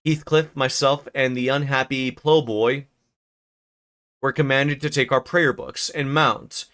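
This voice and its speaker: Man narrating a classic novel live; clear smooth voice, middle pitch, casual asides. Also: measured pace. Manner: steady reading with stumbles, rereads and casual profane asides. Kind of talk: reading a classic novel aloud on a livestream.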